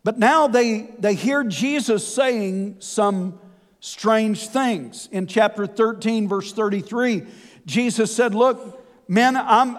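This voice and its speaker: A man preaching a sermon, folksy and animated with conversational asides. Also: high-pitched, slow. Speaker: pastor. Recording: long hall reverb.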